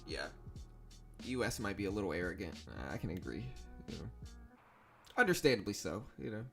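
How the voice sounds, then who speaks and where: A young man from South Louisiana with a Southern accent, hosting a stock trading livestream in a relaxed, rambling way with many fillers. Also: on the low side, brisk, creaky, soft background music. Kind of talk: casual livestream chat.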